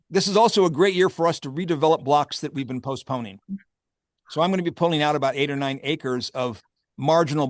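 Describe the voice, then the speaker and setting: A man's voice: medium pitch, no room sound, studio quality. A man who owns a vineyard, talking candidly and with wry humor in a casual interview, often laughing. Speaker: vineyard owner and grape grower.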